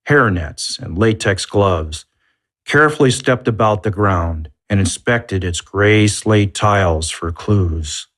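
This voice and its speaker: A man narrating a novel as an audiobook, in a measured, even storytelling manner. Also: lowish voice. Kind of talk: scripted narration.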